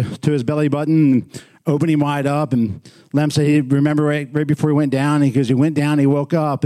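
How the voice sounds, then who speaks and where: Male pastor, fairly high mellow voice, chatty sermon, pokes the congregation with questions, repeats words to stress them. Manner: conversational, prods the congregation with questions. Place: small church.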